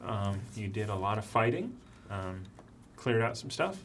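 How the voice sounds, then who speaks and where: A man narrating a tabletop game as dungeon master, pausing often with fillers. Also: on the low side, very animated, fairly bright tone, slight background noise. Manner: halting, many fillers.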